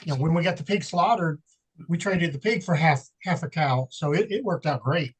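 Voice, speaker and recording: A woman's voice: deep voice, lively intonation, normal speed, slightly rough, poor audio. A woman chatting on a livestream, jumping in with questions and telling stories of her own. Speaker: livestream guest. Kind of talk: casual chat.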